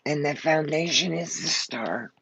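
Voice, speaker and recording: A woman's voice: low voice, a little slow, gravelly, fairly bright tone, slight background noise, low-quality recording. A woman giving a live-stream tarot reading, blunt and emotional, swearing freely and short of breath. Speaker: tarot card reader.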